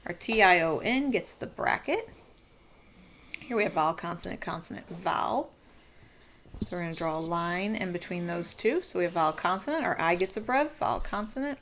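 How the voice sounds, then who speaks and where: A woman's voice: lowish voice, slight background noise. A woman teacher talking students through a phonics coding lesson, patient and encouraging.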